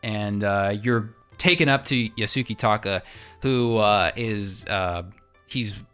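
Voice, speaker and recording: A man narrating as game master in a tabletop game, casual and halting. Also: fairly low pitch, bright, forceful tone, smooth, faint music behind.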